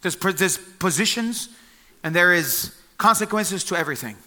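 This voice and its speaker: A man delivers a sermon in a high, piercingly bright voice. He retells a Bible story with animated storytelling, acting out the lines of the people in it. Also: normal speed. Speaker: preacher.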